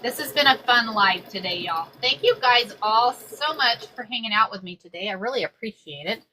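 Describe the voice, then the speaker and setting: A bright, forceful-sounding woman in middle age talks straight to her livestream viewers as she sews. Her voice sits fairly high. She is excitable and chatty and says everything twice. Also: normal speed, a little hiss or hum. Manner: excitable, repeats herself, says y'all often. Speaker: craft livestream host. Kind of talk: casual livestream chat while sewing.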